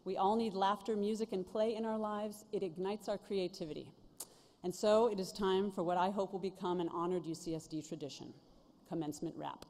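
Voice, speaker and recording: A woman's voice: medium pitch, steady tone, fairly quick, dark tone. A middle-aged woman giving a commencement speech from a stage, earnest and self-deprecating, speaking at a podium microphone. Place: large ceremony venue stage. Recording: reverberant hall sound.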